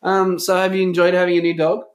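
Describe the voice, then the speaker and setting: A man's voice: high-pitched, completely flat delivery, fast. A man hosting a church podcast, chatting casually, teasing his guest and laughing often. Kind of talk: casual chat.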